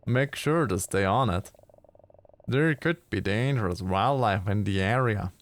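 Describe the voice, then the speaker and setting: A man voicing a male gas station shopkeeper with an odd put-on accent, warning a visitor in a measured tone. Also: on the low side, a little hiss or hum, natural voice. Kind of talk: voicing game dialogue live.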